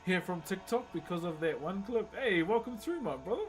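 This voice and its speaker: A man's voice: high voice, expressive, moderate pace, faint music behind, poor audio. Laid-back New man chatting on stream. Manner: laid-back, greets viewers by name, laughs often. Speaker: livestreamer and wood carver. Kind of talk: casual live-stream chat.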